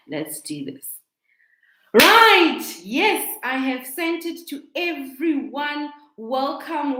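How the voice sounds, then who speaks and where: A chatty woman with a South African accent, hosting a casual live stream as a coach and talking into a laptop microphone. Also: fairly high pitch. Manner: chatty, repeats herself, greets viewers warmly. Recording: echoey room.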